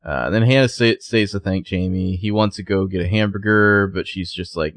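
Here a man sits low in his range as he co-hosts a casual podcast about a TV episode, recounting scenes and quickly quoting characters. There's no room sound.

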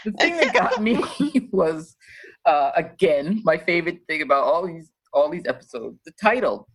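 A woman in casual chat who laughs often and talks in a lively, playful way. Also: deep voice, moderate pace, breathy edge.

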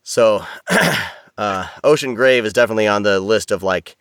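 A man's voice: on the low side, expressive, normal speed, fairly bright tone, dry recording, studio quality. A man talking casually as a podcast guest, rambling with many restarts and fillers over a video call. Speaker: audiobook narrator, podcast guest.

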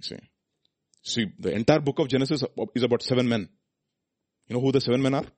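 A medium-pitched man delivers a sermon at a fast clip, firing off rhetorical questions. He shifts between forceful, loud declarations and softer asides.

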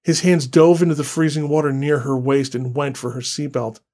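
A man giving a scripted horror story narration in a slow, deliberate, dramatic way. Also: a little high, flat delivery, a little mellow.

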